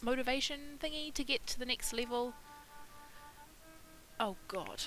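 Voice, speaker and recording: A woman with a high, bright voice gives a chatty commentary over a life-simulation game. She talks straight to her characters and laughs a lot, with faint game music playing behind her. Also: a little slow, rough recording. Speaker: gaming YouTuber. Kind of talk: casual let's-play commentary.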